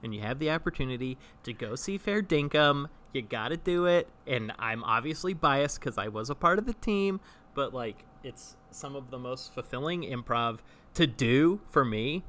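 A man's voice: mid-range voice, moderate pace, fairly bright tone. A man co-hosting a casual podcast chat about improv, enthusiastic and full of restarts. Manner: chatty, enthusiastic, restarts often. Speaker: podcast co-host.

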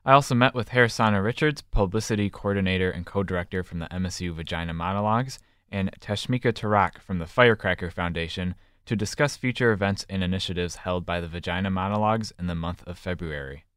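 A man's voice: low voice, fast, a bit bright, clear, resonant tone, no room sound, studio quality. A young man hosting a radio interview show, polite and a little scripted, with some "uh" fillers. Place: radio studio.

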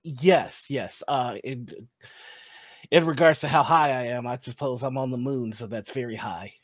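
A man's voice: mid-range voice, normal speed, no room sound, studio quality. A man playing his character in a tabletop game, speaking formally and politely with hesitant fillers. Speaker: player. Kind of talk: in-character tabletop role-play.

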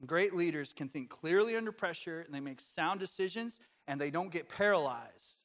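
A man preaches in a bright, fairly high voice, chatty and animated, with jokes mixed into the sermon. When he comes to the main point, he settles into a quieter, measured tone. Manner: conversational, animated preaching with humor. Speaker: pastor.

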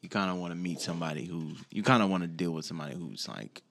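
A man's voice: sits low, fast, creaky, fairly bright tone. A man co-hosting a casual podcast, blunt and incredulous, swearing as he reacts. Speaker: podcast co-host.

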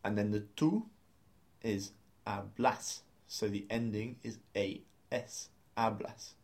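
Speaking slowly in a low, gravelly, slightly mellow voice with a steady tone, a man leads a beginner language lesson. He explains the grammar step by step and spells out words letter by letter.

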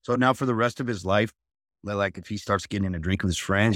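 A blunt, foul-mouthed man in his thirties on a podcast, swinging from low and flat to loud and high when he acts out other people. The sound is dry and close, with no room around him. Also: quick pace, no echo. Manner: blunt, profane, animated, acts out quoted dialogue. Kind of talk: casual podcast conversation.

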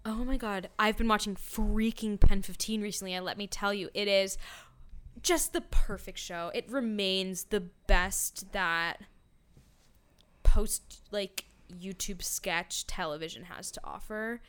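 A young woman chatting casually on a podcast in a smooth, clear, mid-pitched voice. She rambles, swears offhandedly and keeps dropping into low, trailing asides. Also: measured pace, fairly bright tone. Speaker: podcast co-host. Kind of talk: casual chat.

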